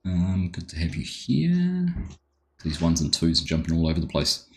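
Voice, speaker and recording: A man's voice: deep voice, sing-song, normal speed. A man chatting on a live game stream, greeting viewers by name and easily sidetracked. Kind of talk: casual live-stream commentary.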